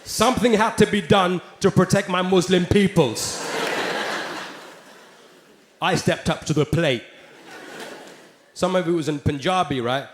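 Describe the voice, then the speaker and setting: On a theater stage, a man with a high-pitched voice does live stand-up, taking his time and leaving long pauses. He sounds sardonic and chatty, tossing in rhetorical asides, captured in a roomy live recording with ambient noise.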